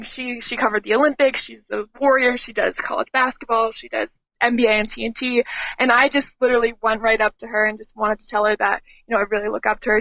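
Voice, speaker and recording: A young woman in her twenties, a sports team reporter, talking upbeat and quickly with fillers and restarts in a remote podcast interview. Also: on the high side, gravelly, fairly bright tone, dry recording, poor audio. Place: remote, away from the studio.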